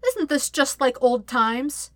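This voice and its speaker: A woman's voice: fairly high pitch, expressive, moderate pace, fairly bright tone, no room sound, studio quality. A woman voicing a cruel, gloating teenage princess who taunts in a sing-song croon, in an audiobook-style fiction reading. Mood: taunting.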